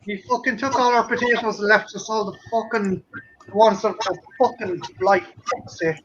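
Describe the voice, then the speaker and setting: A man's voice: sits high, fairly even intonation, moderate pace, lo-fi sound, noisy background. An Irish man hosting a casual stream chat, joking and swearing often as he rambles. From Ireland. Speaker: stream host.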